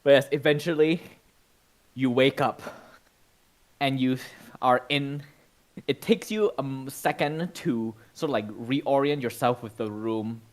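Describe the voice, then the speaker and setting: A man's voice: medium pitch, unhurried, poor audio. A man narrating a tabletop role-playing game as game master, in a casual, descriptive way with lots of "sort of, like".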